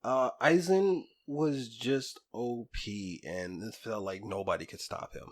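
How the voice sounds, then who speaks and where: A man's voice: medium pitch, a little slow. A young man co-hosting a casual podcast, talking animatedly about anime villains and often laughing. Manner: animated, laughs often, does silly impressions. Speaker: podcast co-host. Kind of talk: casual chat.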